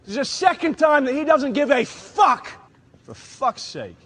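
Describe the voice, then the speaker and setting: A man's voice: very high voice, sing-song, unhurried, slight background noise, full character voice. A man putting on a screeching furious director. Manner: ranting, swearing, yelling.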